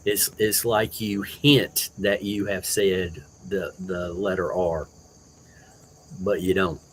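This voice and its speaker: A man with a rough voice hosting a livestream, chatting casually with viewers in a relaxed, rambling way with lots of fillers. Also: deep voice, takes it slowly, a little hiss or hum, low-quality recording. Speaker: livestream host. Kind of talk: casual chat with live viewers.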